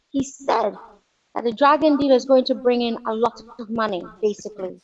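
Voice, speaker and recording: A woman calls into a talk show with an angry political rant, indignant and full of sarcasm and rhetorical questions. Her voice is on the high side and a little fast, and the highs are cut off.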